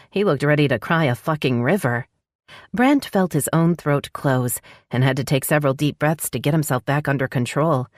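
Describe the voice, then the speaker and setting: A woman narrating a romance audiobook with a steady storytelling delivery. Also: low-pitched, no echo, clean studio sound.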